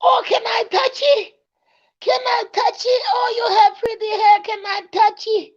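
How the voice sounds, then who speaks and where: A man voicing a gushing woman who fusses over a child's hair, in a shrill pleading falsetto. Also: level tone, measured pace, dull audio.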